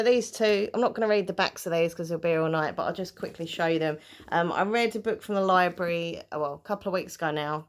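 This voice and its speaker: A woman from the UK chatting enthusiastically through a book haul, reading back-cover blurbs aloud and laughing off her slips. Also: fairly low pitch. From United Kingdom. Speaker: book vlogger.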